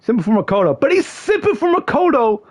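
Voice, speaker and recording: A young man streaming casually to his viewers, excitable, often shouting in mock frustration and peppering his talk with slang. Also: very high voice, fast. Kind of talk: casual livestream chat to viewers.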